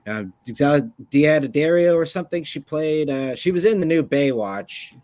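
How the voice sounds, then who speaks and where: A man's voice: fairly high pitch, animated, normal speed, a little mellow. A man hosting a casual livestream chat show, rambling with crude jokes. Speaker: show host.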